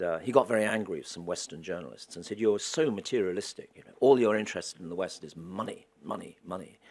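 Male lecturer, deep voice, dry anecdotal wit, public talk. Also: creaky. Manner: wry, anecdotal, dry humor. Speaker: guest lecturer.

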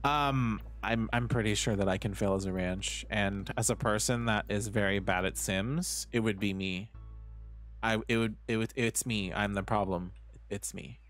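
A man's voice: on the low side, steady tone, normal speed, a bit bright. A man streaming live, chatting casually with viewers as he plays, self-mocking and swearing freely. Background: faint game music.

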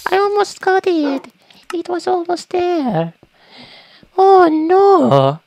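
A woman doing a high, squeaky voice of an excitable cartoon plumber while commentating a game. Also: takes it slowly, creaky, full character voice. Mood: panicked. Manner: high squeaky panicked yelps. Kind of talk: gaming commentary.

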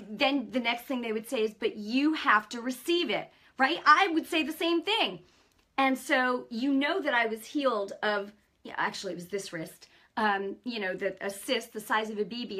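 A middle-aged woman hosting a faith show, telling a personal testimony in an animated, conversational way and acting out the dialogue. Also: a little high. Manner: animated storytelling, acts out dialogue; conversational, many fillers. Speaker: host.

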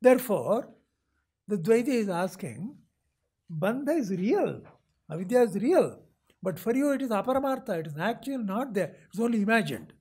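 Speaking at normal speed in a high, sing-song voice that is darkish and a bit rough, this Indian-accented man teaches scripture as a spiritual guide. He patiently asks whether his audience understands and acts out a seeker's words in quotation.

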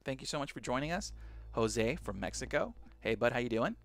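Gravelly, excitable male streamer. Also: mid-range voice, brisk. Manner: excitable, chatty, greets viewers from chat. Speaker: streamer hosting a live reaction stream. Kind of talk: casual live-stream chat with viewers. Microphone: broadcast headset.

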